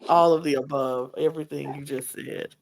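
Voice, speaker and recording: A woman co-hosting a casual podcast, animated and emphatic, often stressing her points with a firm final word. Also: low-pitched, moderate pace, vocal fry. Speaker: podcast co-host. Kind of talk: casual chat.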